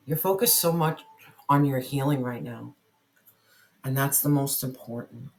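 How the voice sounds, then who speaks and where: A tarot reader speaks earnestly and directly to viewers, repeating phrases and asking spirit questions aloud while drawing cards. The voice is medium-pitched at normal speed, with long pauses.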